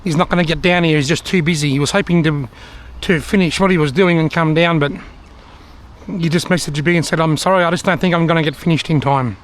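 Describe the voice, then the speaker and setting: A man's voice: a little high, fairly even intonation, quick pace. A middle-aged man with an Australian accent, chatting casually to the camera with dry humour while he fishes by a river. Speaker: fishing vlogger. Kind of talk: casual vlog commentary. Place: outdoors by a river.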